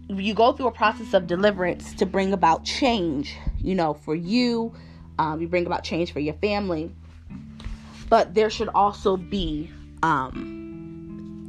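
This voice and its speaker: Woman preacher, bright tense voice, fervent sermon, faint guitar underneath. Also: medium pitch. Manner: preaching with rising fervor and rhetorical questions.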